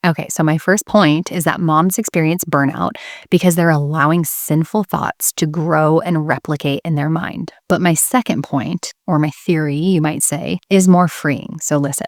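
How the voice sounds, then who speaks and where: Earnest young Christian mom, low voice. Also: female voice, dry recording, studio quality. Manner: earnest, candid storyteller. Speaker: Christian homemaking teacher. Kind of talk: faith-based talk to camera.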